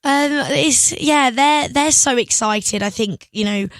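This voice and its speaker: A young woman, a singer, telling stories in an excitable, giggly way as a radio guest. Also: high-pitched, takes it slowly, no room sound. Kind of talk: casual interview chat. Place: radio studio.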